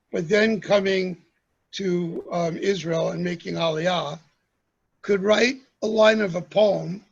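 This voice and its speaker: A man lecturing to a congregation, speaking slowly and pausing often, with "um"s between his points. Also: high voice, gravelly, husky, muffled recording. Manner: slow, measured delivery with pauses and fillers. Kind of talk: talk to a congregation.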